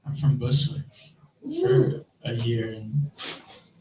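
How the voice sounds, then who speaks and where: Recorded from a distance on a low-quality track with a little hiss or hum, a man's dark, mid-range voice swoops wildly in pitch, taking things slowly in a roomy space. He's a stand-up comedian with a Midwestern American accent, rambling and putting himself down on a live stream while laughing at his own jokes.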